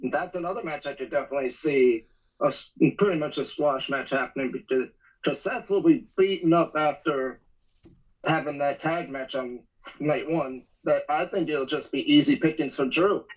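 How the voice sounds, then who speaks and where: A man on a casual podcast panel, starting hesitantly and then speaking in quick bursts. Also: a little high, muffled recording.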